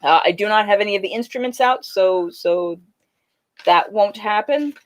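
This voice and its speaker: A woman's voice: medium pitch, moderate pace. A woman and renaissance faire singer, singing bawdy folk songs and chatting with viewers on a livestream, reading out their comments between songs.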